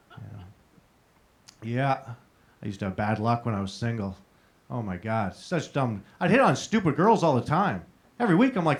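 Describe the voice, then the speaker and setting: A man's voice: medium pitch, gravelly. A man doing a crude, conversational stand-up comedy set in a comedy showroom, talking straight to the crowd. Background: audience laughter.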